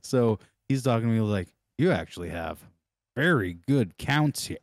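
A man's voice: mid-range voice, expressive, normal speed, no room sound, clean studio sound. A man co-hosting a podcast, telling a loose, rambling story with lots of laughter. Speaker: podcast co-host. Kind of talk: casual storytelling chat.

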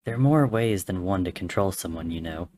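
A man voicing a smirking, mocking male god who talks loudly and with exasperation. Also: low voice, lively intonation, brisk, no echo. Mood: taunting. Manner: taunting, exasperated.

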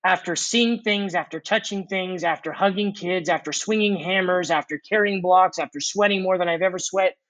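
A man's voice: sits high, fairly bright tone, no echo, poor audio. Earnest man telling a personal story. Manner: earnest, reflective, with many fillers and dramatic pauses. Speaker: interview guest; former corporate executive turned mission worker.

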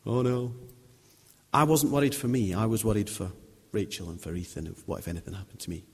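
A man in his thirties tells stories from the pulpit in an informal sermon, circling back and restarting as he talks. His voice sits low and a little husky. The church gives it a long, ringing reverb. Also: animated, quick pace. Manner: chatty, anecdotal, many restarts. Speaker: lay preacher.

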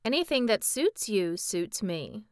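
A woman voicing a gentle, agreeable male sawhorse who speaks mildly in a storybook reading. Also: mid-range voice, sing-song, unhurried, dry recording, studio quality.

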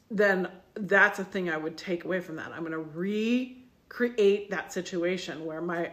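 A podcast co-host with a lowish voice and a sharp tone tells a personal story in casual chat. She rambles reflectively, using lots of fillers.

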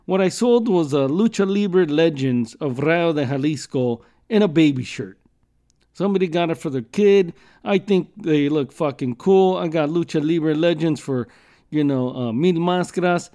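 A man's voice: on the high side, normal speed, warm tone. A man hosting a podcast, telling rambling jokey stories in a casual, profane way. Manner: profane, rambling, joking storyteller. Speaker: podcast host.

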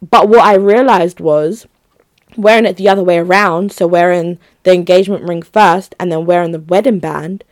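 A woman's voice: fairly low pitch, fairly even intonation, normal speed, a little mellow, no echo, studio quality. A young woman chatting casually on her own to her listeners, rambling and giggly. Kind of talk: casual solo chat to listeners.

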